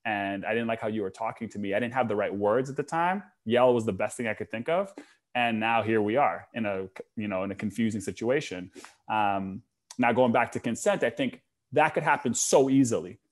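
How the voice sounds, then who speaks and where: A man's voice: on the low side, fairly quick. A young man hosting a podcast in casual conversation, telling stories and acting out the quotes. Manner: animated storytelling, acts out quotes. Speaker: podcast host.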